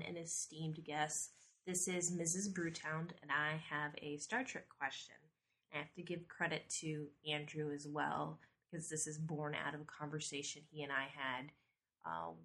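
Woman, very low pitch, creaky voice, conversational recorded question. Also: fairly bright tone. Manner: conversational, with fillers. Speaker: caller sending an audio question.

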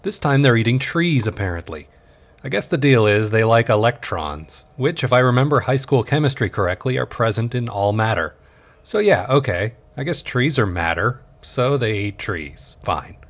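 A man in his thirties narrating a sarcastic comedy review of an old cartoon, with deadpan asides. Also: mid-range voice, normal speed.

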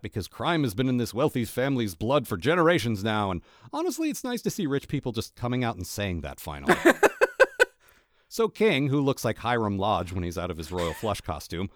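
A man's voice: lowish voice, dry recording, studio quality. A man co-hosting a podcast, chatting casually and then reading a joking, sarcastic recap of an episode. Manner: wry, joking, sarcastic asides. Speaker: podcast co-host.

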